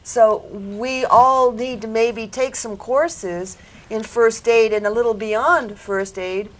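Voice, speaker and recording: A woman on a psychic panel speaks slowly and deliberately, weighing each thought before going on. Her manner is earnest and reflective, and she often stops to ask whether her reading rings true for the listener. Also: a little high, fairly even intonation. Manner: slow, earnest and reflective, asking if it makes sense. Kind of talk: giving a reading to an audience member. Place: studio with audience.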